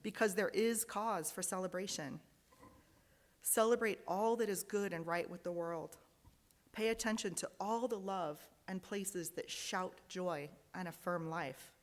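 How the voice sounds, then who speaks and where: A woman's voice: fairly low pitch, a little slow. Earnest woman reading in an echoing hall. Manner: earnest, reading aloud, emotional at times. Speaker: lay worship leader. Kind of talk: reading joys and sorrows in a service. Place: large fellowship hall.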